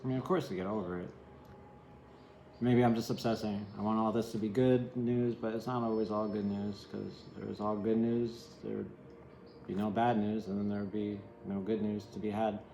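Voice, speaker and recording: A man's voice: lowish voice, little pitch movement, normal speed, gravelly, dark tone, roomy sound, slight background noise, poor audio. A man giving a casual, rambling tarot reading, candid and sometimes swearing. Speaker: tarot reader.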